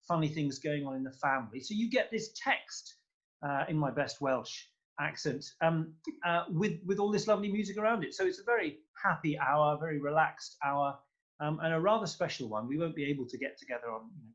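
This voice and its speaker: A man with a fairly high voice talks eagerly and at length, gushing and piling on fillers as he goes. His voice comes through a dull, lo-fi call line. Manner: enthusiastic, effusive, rambling with fillers. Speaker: guest conductor. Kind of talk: casual interview chat.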